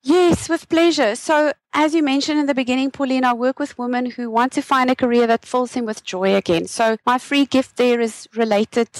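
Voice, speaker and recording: A woman guest on a podcast, calmly explaining practical tips as a career coach. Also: sits high, normal speed, few pauses, no room sound. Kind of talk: casual podcast interview. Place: remote call.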